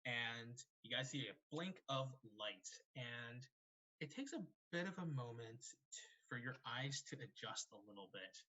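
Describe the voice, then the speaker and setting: Male game master on a live stream, bright voice, easygoing delivery, slightly muffled audio. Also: mid-range voice, a little slow. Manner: relaxed, filler-heavy, conversational.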